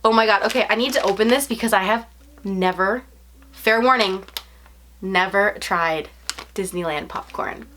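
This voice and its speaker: A young woman vlogging an unboxing, talking casually and gushing with excitement. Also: medium pitch, normal speed, pauses often, a little hiss or hum. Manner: gushing, breathless and effusive.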